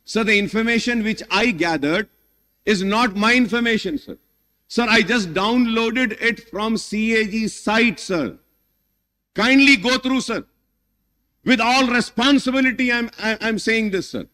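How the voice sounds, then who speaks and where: A man's voice: sits high, unhurried, sharp tone. A middle-aged man with an Indian English accent giving an emphatic speech in a legislative assembly debate. He keeps addressing the chair as "sir" and moves between English and Hindi. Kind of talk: parliamentary speech. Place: large legislative chamber. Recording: long hall reverb.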